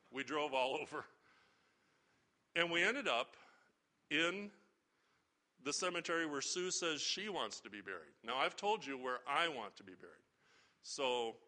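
Bright-voiced man preaching a folksy sermon. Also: medium pitch. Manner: folksy, storytelling, with rising emphatic appeals. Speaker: pastor.

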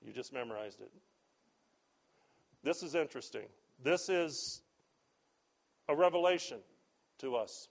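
A man preaching a sermon, reading scripture and breaking off into plain asides to the congregation. He speaks in a measured, emphatic way and slows down on key words. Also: medium pitch, lively intonation, gravelly. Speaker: pastor.

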